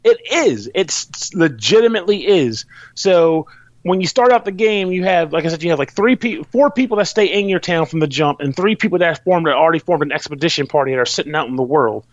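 A man's voice: fairly high pitch, expressive, brisk, dry recording, lo-fi sound. A man casually explaining how a game works, rambling, restarting, and swearing now and then. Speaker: podcast host reviewing a game.

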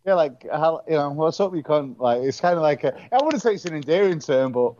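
A man's voice: on the high side, animated, brisk, mellow, dull audio. A man from northwest England with a Manchester accent, chatting casually as host, laughing often and restarting his sentences. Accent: Mancunian English. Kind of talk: casual chat.

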